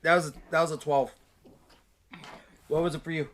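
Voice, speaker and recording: A man's voice: a little high, level tone, normal speed, a bit bright, a little hiss or hum. A middle-aged man, a dad hosting a casual family challenge vlog, chatty and exclamatory, often repeating himself.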